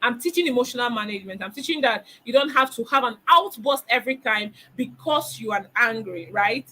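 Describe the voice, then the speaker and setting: A woman's voice: on the high side, lively intonation, brisk, bright, forceful tone, poor audio. A middle-aged woman teaching a parenting webinar, emphatic, repeating key phrases and asking rhetorical questions. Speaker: parenting coach.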